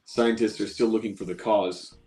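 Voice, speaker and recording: Casting note: man with a lowish voice, deadpan joke delivery, faint music under. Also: normal speed. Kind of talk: telling a deadpan dad joke.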